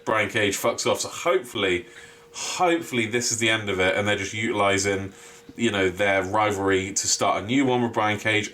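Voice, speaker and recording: A man co-hosting a podcast in casual chat, ranting with animated, sweary exasperation. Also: lowish voice, a little hiss or hum. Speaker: podcast co-host.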